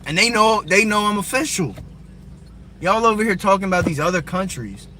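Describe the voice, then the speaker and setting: A man's voice: high-pitched, animated, a little fast, sharp tone, a little hiss or hum. A man from Brooklyn, ranting on a livestream in a confrontational, profane way and firing rhetorical questions at viewers. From Brooklyn, New York. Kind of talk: heated livestream rant answering viewers. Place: parked car on a city street. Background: faint music playing.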